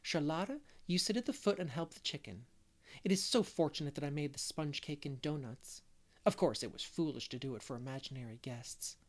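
A man reading aloud, voicing a lively middle-aged unmarried woman who loves make-believe and gushes over her guests. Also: on the high side, a little fast, lightly acted. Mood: chatty. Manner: gushing, fond of make-believe. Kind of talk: storybook character reading.

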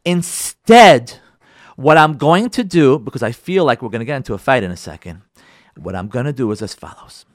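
A middle-aged rabbi and marriage counselor lectures on marriage in a mid-range voice at normal speed, with a studio-quality recording and no room sound. Lively and direct, he addresses listeners with emphasis and repetition, acting out husbands' and wives' quarrels in dialogue.

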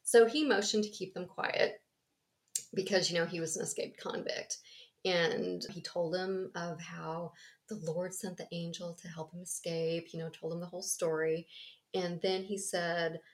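A woman's voice: on the low side, measured pace. Woman retelling a story casually. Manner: rambling, animated, laughs often, acts out voices. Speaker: podcast co-host.

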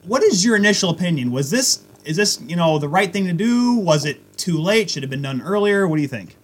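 High-voiced young man in rambling hockey chat. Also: expressive, fairly quick. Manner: rambling, laughs often, restarts sentences. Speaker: podcast co-host. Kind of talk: casual sports chat.

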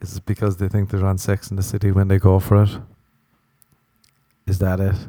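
A man's voice: sits low, monotone, fairly quick, dark tone, dry recording. A young Irish man hosting a podcast, rambling through a profane, self-mocking comic monologue. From Ireland. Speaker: podcast host. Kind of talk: casual comedic monologue.

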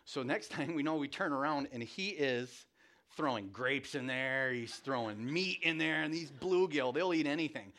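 A man preaching a relaxed, conversational sermon, telling family stories with lots of restarts and self-deprecating asides. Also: medium pitch, normal speed.

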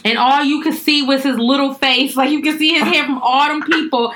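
As an animated, bright young woman podcast co-host. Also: high-pitched, a little fast, low-quality recording. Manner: animated, acts out quotes, laughs often. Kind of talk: casual storytelling chat.

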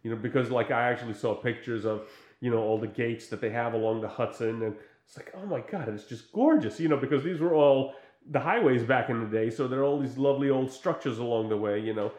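Animated man retelling a movie in an echoey room. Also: mid-range voice. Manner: animated storyteller acting out characters in quick voices. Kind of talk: casual chat recapping a movie. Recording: roomy echo.

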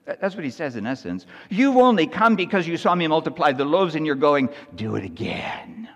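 A man preaching a sermon in a conversational style, often checking in with "right?" and moving between hushed, soft lines and loud, lively storytelling. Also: on the high side, a little fast, big-room sound, lo-fi sound. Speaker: pastor.

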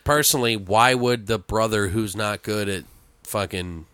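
A man in casual podcast chat reviewing a film, animated and swearing freely. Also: on the low side, normal speed, clean tone, dry recording.

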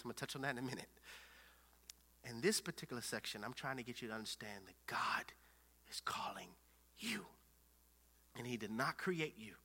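Young guy preaching, super bright voice, swings from whispers to yelling, acts out bible stories. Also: medium pitch, breathy edge. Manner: dramatic swings from hushed whispers to loud shouting; retells scripture with lively acted-out dialogue. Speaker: pastor. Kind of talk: sermon.

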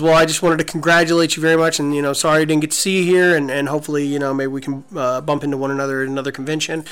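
A man in his forties co-hosting a podcast, telling a story in an excited, gushing way with many restarts. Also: a little high, clear, resonant tone, poor audio. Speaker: podcast co-host. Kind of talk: casual storytelling chat.

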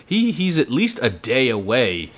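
A man talking casually as he recaps a book. He retells it with an animated, wide-ranging delivery and acts out characters' lines as he goes. The audio sounds dull and lo-fi. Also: medium pitch, unhurried. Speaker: podcast co-host recapping a book. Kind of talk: casual chat.

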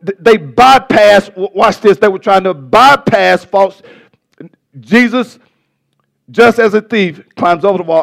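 A male pastor preaching a sermon with passion, stumbling over words and swinging between loud bursts and soft asides. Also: sits high, a little slow, creaky.

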